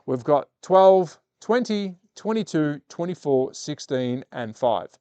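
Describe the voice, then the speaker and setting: Australian male streamer, casual race caller, fairly high, smooth voice. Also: slow pace, dry recording. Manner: casual, talks to chat, turns excited calling the race. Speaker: slot car livestream host. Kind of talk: live stream chat and race commentary.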